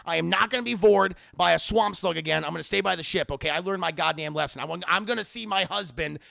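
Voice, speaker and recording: A man voicing a grumpy, fed-up little robot who gripes loudly and swears. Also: high-pitched, fast, gravelly, dry recording, clean studio sound, heavily acted. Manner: loud profane griping.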